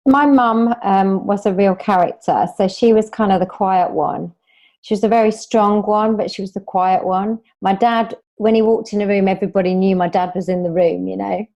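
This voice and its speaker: A woman author chatting as a podcast guest. Her tone is mellow and dark, her pitch is in the middle range, and she tells her stories fluently. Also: fairly even intonation, moderate pace. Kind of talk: casual interview chat.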